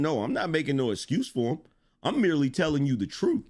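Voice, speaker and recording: A man's voice: fairly high pitch, big pitch swings, quick pace, darkish tone. A middle-aged man hosting a live-stream commentary show, reading viewer chat in a blunt, emphatic way, repeating lines for effect and swearing.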